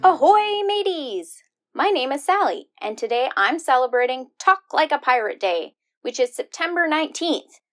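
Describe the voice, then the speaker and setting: High-voiced cheerful woman host. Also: sing-song, moderate pace, hardly any pauses, fairly bright tone, faint music behind. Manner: cheerful and upbeat, reading to children. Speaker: library podcast host. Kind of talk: scripted book recommendations for kids.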